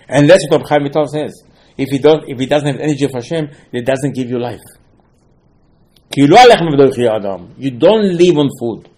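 A man's voice: medium pitch, darkish tone. Man giving an emphatic Torah class. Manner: emphatic, repetitive, asks and answers his own questions; non-native English phrasing. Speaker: Torah teacher.

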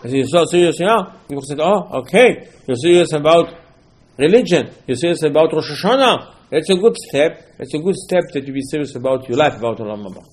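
A man's voice: a little high, lively intonation, a little fast. Emphatic man giving a Torah sermon. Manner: emphatic, repeats phrases, quotes texts in dialogue; non-native English phrasing. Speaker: Torah teacher.

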